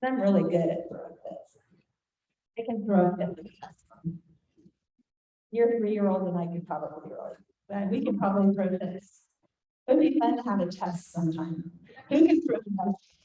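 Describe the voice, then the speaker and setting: An older woman teaching a group, telling a family story in an animated way and acting out voices. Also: medium pitch, moderate pace, pauses often, highs cut off. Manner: animated, acts out quoted voices. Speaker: Bible study teacher. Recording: echoey room, faint noise.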